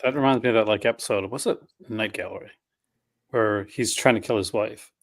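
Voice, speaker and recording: A man's voice: on the low side, brisk. A man in a casual podcast chat, rambling through a story with restarts and laughing at his own jokes.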